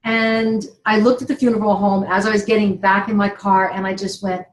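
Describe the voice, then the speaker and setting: A middle-aged woman speaks earnestly and with feeling, sharing a personal story as a motivational talk. Her voice sits at an ordinary pitch, and the room around her has a noticeable echo. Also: level tone, normal speed, few pauses. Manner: earnest and emotional, laughs between words. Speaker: inspirational speaker. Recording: roomy echo.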